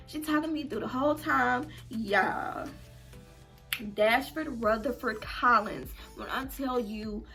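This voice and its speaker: A young adult woman telling a story for her vlog in an animated, emphatic, slangy way. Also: fairly high pitch. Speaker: vlogger.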